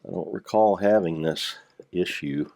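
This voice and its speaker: An older man with a gravelly voice, rambling through casual gameplay commentary with dry dad jokes. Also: low voice, a little slow, a little mellow. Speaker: Minecraft let's player.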